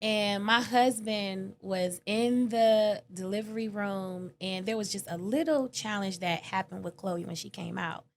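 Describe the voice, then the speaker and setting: A woman guest talking openly in an interview, animated and emotional, with casual slang and quoted lines that leap up in pitch. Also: measured pace, hardly any pauses. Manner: animated, expressive, acts out quoted lines with sudden high pitch. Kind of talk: candid conversational interview.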